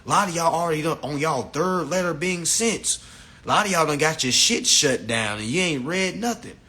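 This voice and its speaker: Blunt, profane man lecturing a live stream. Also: normal speed. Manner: profane, blunt, lecturing, animated swings in pitch. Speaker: live stream host teaching a class.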